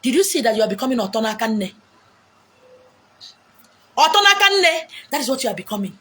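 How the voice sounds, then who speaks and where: A woman with a Nigerian accent delivering an animated, preaching monologue, acting out quotes with big swings in pitch and loudness. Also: racing. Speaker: self-styled spiritual messenger. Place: beach, outdoors. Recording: faint background noise, outdoors.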